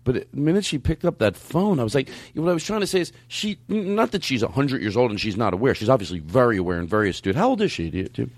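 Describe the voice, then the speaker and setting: A man's voice: medium pitch, big pitch swings, quick pace, few pauses, breathy edge, no echo. A man hosting a podcast, effusive and rambling, with many restarts. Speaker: podcast host. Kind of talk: casual podcast chat.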